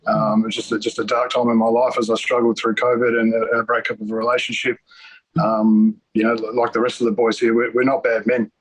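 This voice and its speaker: Flat-voiced Australian-accented man. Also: medium pitch, fast, slightly rough, low-quality recording. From New Zealand. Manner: hesitant, many fillers and restarts. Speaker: interviewee. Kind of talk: casual interview.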